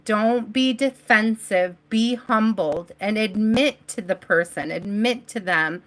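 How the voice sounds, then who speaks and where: A woman speaks slowly and unhurriedly, her voice at an everyday middle pitch. She leads a live tarot reading, coaching her viewers softly and chatting warmly with them between cards. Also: rough recording. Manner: chatty and affectionate with viewers, laughs often; gentle spiritual coaching tone. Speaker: tarot reader.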